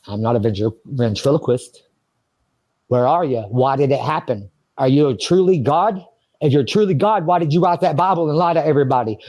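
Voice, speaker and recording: A man's voice: medium pitch, a little fast, darkish tone. Agitated, rambling man in an interview. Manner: rambling, agitated, swearing, talks to himself. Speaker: interview subject. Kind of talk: emotional interview monologue.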